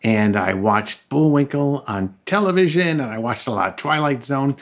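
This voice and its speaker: A man's voice: medium pitch, lively intonation, moderate pace. A middle-aged man from upstate New York, raised in Tennessee, telling humorous stories as a podcast guest. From Buffalo, New York, raised in Tennessee. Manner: jokey storyteller, puts on voices in anecdotes. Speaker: author guest. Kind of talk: interview chat.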